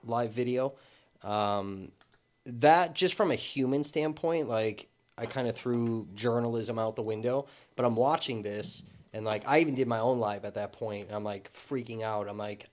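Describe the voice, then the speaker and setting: A journalist appears as an interview guest, speaking in a mid-range voice at normal speed. His casual talk is conversational and a bit hesitant, and he agrees often.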